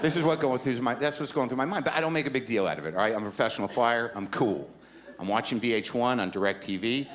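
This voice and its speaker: Anxious, rambling middle-aged stand-up comedian. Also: male voice, mid-range voice, quick pace, a crowd in the background. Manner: rambling, anxious, emphatic storytelling. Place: comedy stage.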